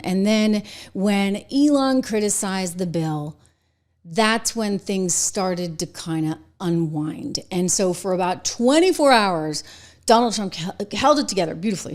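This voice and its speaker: A middle-aged woman hosting a show, giving chatty, animated political commentary and laughing between points. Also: medium pitch, measured pace.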